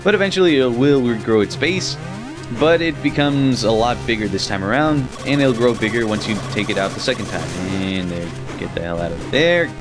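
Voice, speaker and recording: A man's voice: mid-range voice, fairly quick, rough recording. A young man giving casual, profane gameplay commentary with laughing asides. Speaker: let's play commentator. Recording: game music under the voice.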